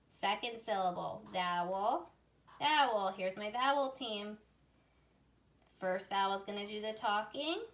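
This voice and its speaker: A woman teaching a phonics lesson to young readers, sounding out words slowly and clearly. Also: medium pitch. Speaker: reading teacher. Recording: voice a little far from the mic.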